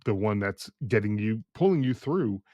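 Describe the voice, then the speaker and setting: A man hosting a podcast, talking thoughtfully with many pauses, "um"s and restarts. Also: lowish voice, lively intonation, warm tone, no echo. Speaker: podcast host. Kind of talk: casual podcast conversation.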